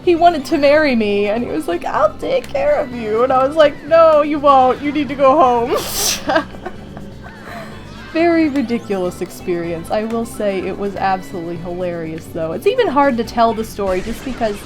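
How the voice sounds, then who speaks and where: Chatty young woman telling a story. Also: fairly high pitch. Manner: animated, laughs often, many fillers. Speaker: gaming channel host. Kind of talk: casual storytelling over gameplay.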